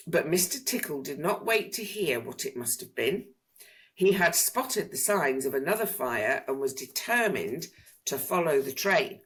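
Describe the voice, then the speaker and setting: A woman reading a children's picture book aloud in an expressive, sing-song manner. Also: deep voice, a little slow. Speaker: storyteller.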